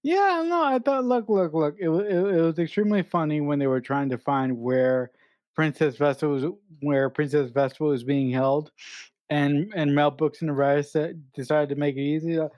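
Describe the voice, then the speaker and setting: A man's voice: a little high, no room sound, highs cut off. A man co-hosting a podcast who gives his casual opinions on a film, stumbling over restarts as he speaks. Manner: halting, with frequent restarts and casual swearing. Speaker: podcast co-host. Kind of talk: casual film review chat.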